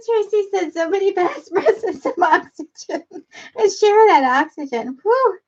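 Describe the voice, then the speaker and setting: A woman chats on a live stream, reading viewer comments aloud and dissolving into giggles. Her voice sits very high and moves slowly. The audio is dull and lo-fi. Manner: laughing helplessly, giggly. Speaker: livestream host.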